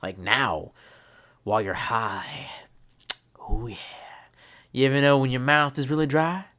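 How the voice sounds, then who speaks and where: Tipsy, profane livestream host with a bright voice. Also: mid-range voice, fairly even intonation, measured pace. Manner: rambling, profane and loose. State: tipsy from drinking. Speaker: livestream host reading chat. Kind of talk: casual rambling live chat. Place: at home at a desk.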